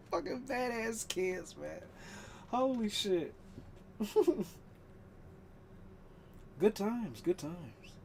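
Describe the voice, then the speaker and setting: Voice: mid-range voice, expressive, extremely slow, creaky, long pauses, a little mellow. A live streamer chatting casually while gaming, rambling and swearing, laughing often.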